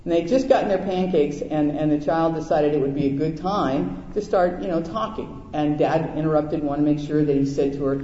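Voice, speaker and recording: Male pastor, middle-aged, folksy storyteller, mellow tone, dull lo-fi hall recording. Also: on the high side, normal speed, few pauses, slight background noise. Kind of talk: sermon. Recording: echoey hall, dull lo-fi sound.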